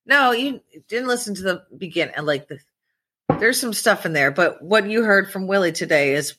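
A woman co-hosting a podcast, bantering casually and teasing her husband, with a breathy voice and frequent laughs. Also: medium pitch, animated, normal speed, sharp tone. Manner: teasing, playful, laughs often. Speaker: podcast co-host.

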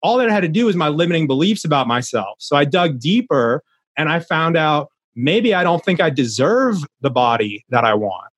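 A man's voice: fairly high pitch, very animated, normal speed, slightly rough, no room sound. A young adult man, a podcast guest, talking earnestly in a casual interview, rambling with many restarts.

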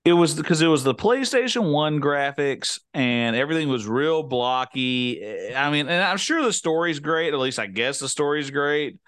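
A man's voice: on the high side, animated, moderate pace, hardly any pauses, fairly bright tone, clear, resonant tone, no echo, clean studio sound. A man co-hosting a podcast, chatting casually in a rambling, joking way with many restarts. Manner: rambling, self-interrupting, jokey. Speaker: podcast co-host. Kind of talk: casual chat.

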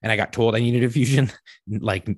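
In a dry recording, a podcast co-host with a mid-range voice talks fairly quickly through a long, casual story. He swears nonstop and brings the tale to life by acting out quoted voices.

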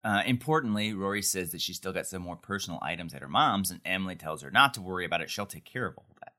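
Lively, bright-voiced man recapping casually. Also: low voice, fast. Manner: wry, joking, conversational. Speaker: podcast co-host recapping a TV episode.

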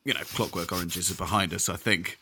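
A man's voice: low voice, fairly even intonation, fast talker, vocal fry, bright, forceful tone, husky. A man in casual podcast chat, teasing and joking with his co-host.

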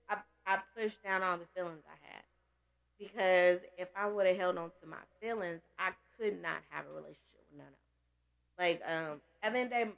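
A woman appears as a podcast guest sharing her survival story, speaking candidly in casual chat. Her medium-pitched voice is creaky and a bit bright, and she grows emotional, laughing through tears.

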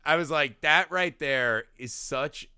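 Bright, profane man on a podcast. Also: fairly high pitch, slow pace, clear, resonant tone, no echo, clean studio sound. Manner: profane, animated retelling of scenes. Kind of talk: casual film discussion.

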